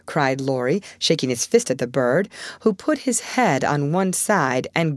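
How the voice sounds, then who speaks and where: Woman reading an old novel aloud, lowish voice, steady, super dry close mic. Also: a little slow, dry recording. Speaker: audiobook reader. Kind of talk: scripted narration.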